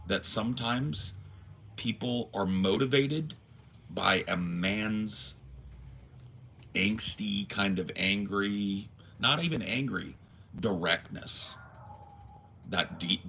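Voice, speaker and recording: A man hosting a casual talk show, telling stories with animated ranting and acting out phone calls. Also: lowish voice, gravelly, a little hiss or hum. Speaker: podcast host. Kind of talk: casual storytelling chat. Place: home.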